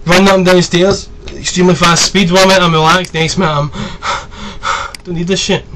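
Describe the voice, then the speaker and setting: Chatty young man with a higher voice. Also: steady tone, moderate pace, background noise. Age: 20s. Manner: chatty, rambling, swears freely. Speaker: video tutorial host. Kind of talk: casual screen-recorded tutorial.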